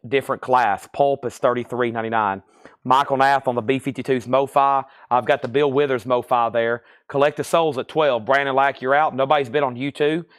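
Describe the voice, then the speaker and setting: A man's voice: medium pitch, no room sound. Guy hosting a live vinyl sale stream, talky and rambly, plain middle voice, dry no room. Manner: chatty, reads prices, rambles between items. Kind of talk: live-stream sales patter.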